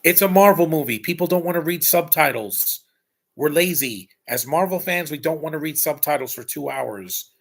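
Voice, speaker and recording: A man's voice: on the high side, expressive, moderate pace, creaky. A man giving casual, blunt and rambling live commentary while rewatching a film. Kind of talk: casual opinionated watch-along commentary.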